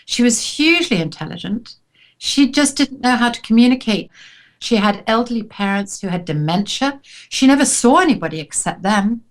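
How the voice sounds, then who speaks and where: A woman co-hosting a casual chat, telling stories in an animated way and laughing often. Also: a little high, normal speed. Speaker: co-host.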